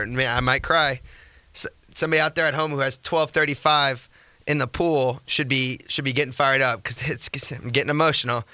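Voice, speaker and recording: Bright-voiced young male sports radio host. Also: mid-range voice, no echo. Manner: energetic, rambling, rhetorical ranting. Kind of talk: casual sports talk radio.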